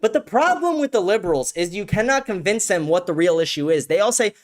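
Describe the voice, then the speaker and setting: A man's voice: sits high, expressive, brisk. A man hosting a solo commentary show, ranting heatedly with lots of swearing and stumbling restarts. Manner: heated, profane, repeats words when starting sentences. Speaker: show host.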